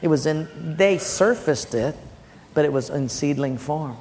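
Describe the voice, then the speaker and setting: A man preaching as a pastor, telling personal stories in an animated way and loudly acting out the voices in them. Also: a little high, unhurried, slight background noise. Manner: animated storytelling with loud acted quotes. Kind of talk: sermon. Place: church sanctuary. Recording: long church-hall reverb, faint music.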